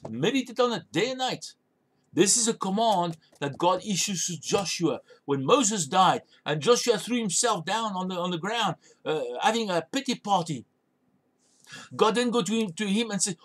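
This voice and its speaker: A man's voice: high-pitched, animated, normal speed, fairly bright tone. A man preaching a sermon as a pastor, urging listeners with emphatic, repeated commands. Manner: emphatic, repetitive exhortation.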